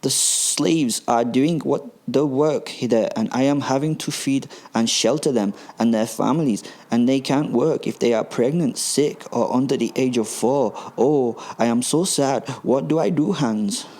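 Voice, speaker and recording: A man's voice: mid-range voice, measured pace, hardly any pauses, a little mellow. A man voicing Gruber, a fretful, camp German slave-owning man, in a thick German accent. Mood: whining.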